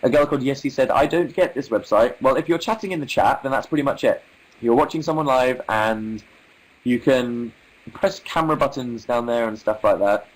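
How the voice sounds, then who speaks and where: A man's voice: medium pitch, normal speed, rough recording. A young English man hosting a casual livestream, reading viewer comments aloud with wry, amused asides in an articulate manner. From England. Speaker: livestream host.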